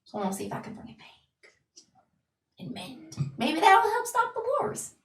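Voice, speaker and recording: A woman's voice: very high-pitched, big pitch swings, moderate pace, a bit bright, distant mic. A woman playing a tabletop game in casual chat, uncertain and chatty, her sentences trailing off. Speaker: player. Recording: roomy sound from away from the mic.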